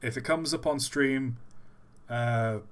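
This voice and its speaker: A man hosting a casual live-stream Q&A, thinking aloud with hesitant pauses and repeated phrases. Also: medium pitch. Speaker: livestream host.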